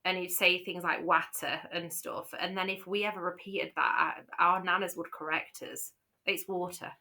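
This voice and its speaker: A woman with a light Yorkshire accent chats on a casual podcast, her speech full of fillers and restarts. Her voice sits a little low but comes across bright and forward. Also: fairly even intonation, normal speed. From Yorkshire, England. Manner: chatty, rambling with fillers and restarts. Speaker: podcast co-host. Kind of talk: casual chat.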